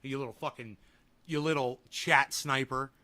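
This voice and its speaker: A livestream host reads chat comments aloud and answers them in a profane, combative, rambling way. He speaks at a moderate pace in a medium-pitched voice with fairly even intonation and a sharp tone.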